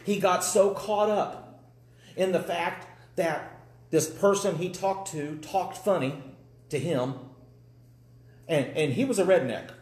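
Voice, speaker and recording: Guy preaching live, chatty and dry, kinda high voice, echoey church. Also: slow, pauses often, darkish tone. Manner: folksy, conversational storytelling with dry humor. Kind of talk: live sermon.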